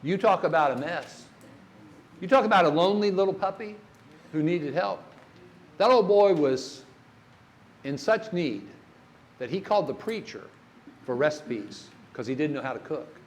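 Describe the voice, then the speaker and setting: A man's voice: a little high, lively intonation, normal speed, pauses often. An older man preaching a sermon in a church, telling stories and putting questions to the congregation. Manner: storytelling, asks the congregation questions.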